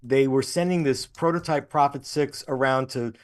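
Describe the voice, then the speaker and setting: Guest voice: easygoing man, mid pitch, rambling storyteller on a video call. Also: moderate pace. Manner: relaxed anecdotal storyteller, many restarts. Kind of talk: casual interview storytelling.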